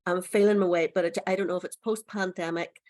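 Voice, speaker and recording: A woman's voice: fairly low pitch, steady tone, fast, a little mellow. A woman asking for advice in a casual conversation, hesitant and thinking aloud as she speaks.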